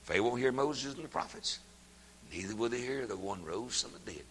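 An older man preaching a sermon, folksy and plain-spoken, his voice swelling up into shouts. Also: medium pitch, animated, brisk, big-room sound, slight background noise.

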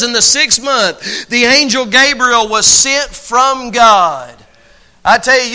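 Fervent preacher, very high and bright. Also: male voice. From Virginia. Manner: fervent, calls out "amen" often; folksy plain speech. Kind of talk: sermon.

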